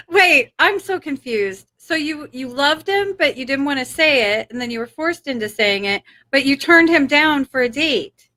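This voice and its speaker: A woman hosting a casual game-show chat, bubbly and quick to laugh. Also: sits high, animated, bright, forceful tone. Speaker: host.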